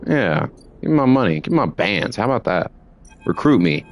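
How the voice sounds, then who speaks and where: Excitable young man, gaming commentary. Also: fairly low pitch, normal speed, faint music behind. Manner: excitable, swears casually. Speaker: gamer. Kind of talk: let's play commentary.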